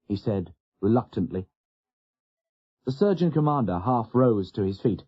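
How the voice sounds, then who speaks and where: A man narrating an audiobook in a steady, even storytelling manner. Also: on the low side, normal speed, husky, dull audio. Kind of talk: scripted narration.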